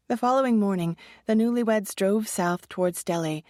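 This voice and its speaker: A woman reading a thriller audiobook in an even, measured storytelling voice. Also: mid-range voice, no echo, studio quality. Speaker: audiobook narrator. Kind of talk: scripted narration.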